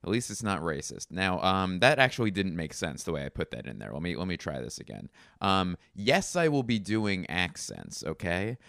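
A man hosting a comedy podcast, rambling through deadpan absurd asides. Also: sits low, moderate pace, creaky, hardly any pauses, no room sound, clean studio sound. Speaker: podcast host.

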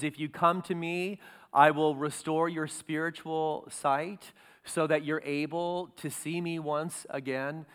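A man's voice: a little high, fairly bright tone, clean tone, long reverb tail. A man preaching a sermon as pastor, earnest and building to emphatic peaks.

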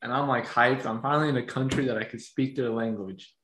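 A young man casually telling travel stories in a relaxed, chatty way. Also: medium pitch, a little fast. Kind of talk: casual storytelling chat. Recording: roomy echo.

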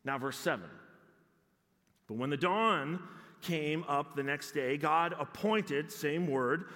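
A male pastor preaching an expository sermon, swinging between loud exclamations and hushed, intimate tones. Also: on the high side, takes it slowly. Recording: long hall reverb.

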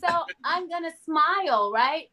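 Animated woman singer telling stories. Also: high-pitched, a little slow, a little hiss or hum. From Florida, US. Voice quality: expressive, calls the listener "honey". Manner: lively, dramatic, laughs often. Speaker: singer and guest. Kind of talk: animated interview storytelling.

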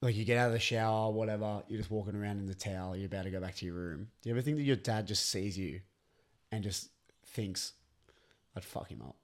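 A man's voice: lowish voice, fast. A young Australian man co-hosting a podcast, laid-back and crude in casual banter, laughing often. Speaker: podcast co-host.

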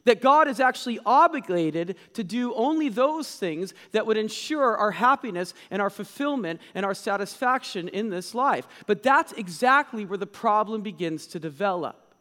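A man preaching a sermon as pastor, talking in an animated way and repeating phrases for emphasis. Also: high-pitched, long reverb tail.

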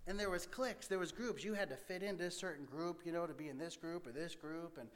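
A man telling a personal story from his youth in an earnest, halting way, with many fillers and restarts. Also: on the high side. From American Midwest. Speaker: speaker sharing his life story.

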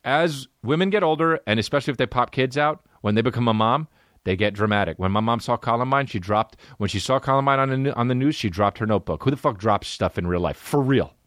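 A man's voice: medium pitch, fast, a bit bright, dry recording, clean studio sound. A young man hosting a solo comedy podcast, telling rambling stories full of swearing. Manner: profane, rambling storytelling. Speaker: podcast host.

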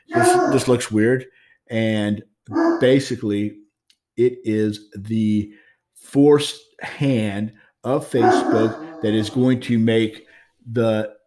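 A man's voice: fairly low pitch, dark tone. A man hosting a podcast from his home, talking in a frank, rambling way with many fillers and restarts. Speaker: podcast host. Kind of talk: casual monologue.

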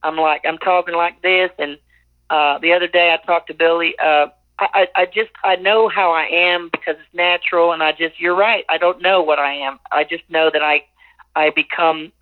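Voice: mid-range voice, steady tone, moderate pace. Singer talking earnestly over a tinny phone line. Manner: earnest, rambling, many restarts. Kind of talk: phone interview, candid talk. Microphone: telephone.

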